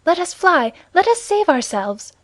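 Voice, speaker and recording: Woman reading frightened young woman, urgent pleading tone, higher voice, dry close audiobook sound. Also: moderate pace, no echo, lightly acted.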